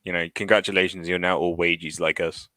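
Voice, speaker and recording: A man's voice: low-pitched, level tone, brisk, sharp tone, no room sound. A young man guesting on a livestream, mocking the others and giggling. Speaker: stream guest. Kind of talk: casual livestream banter.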